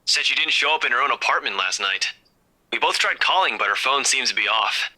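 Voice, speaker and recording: A man voicing a brisk, earnest young police officer friend on the phone, in a game playthrough. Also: medium pitch, expressive, sharp tone, poor audio. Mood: serious.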